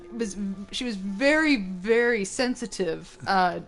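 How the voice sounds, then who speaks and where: Brief: woman co-host, mid-pitched, chatty and rambling. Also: animated, measured pace, soft background music. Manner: chatty, rambling with many restarts. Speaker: co-host of a gaming stream. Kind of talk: casual gameplay chat.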